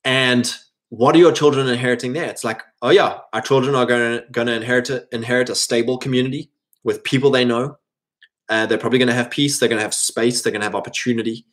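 A man's voice: mid-range voice, steady tone, fast. A man hosting a podcast, talking casually to his audience and reading live chat, with frequent restarts and mocking quoted voices.

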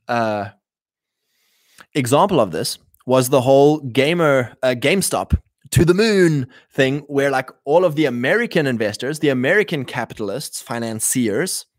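A man in a casual rambling monologue, clearing his throat often and acting out quoted voices. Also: mid-range voice, dry recording, studio quality. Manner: frequent throat clearing and restarts.

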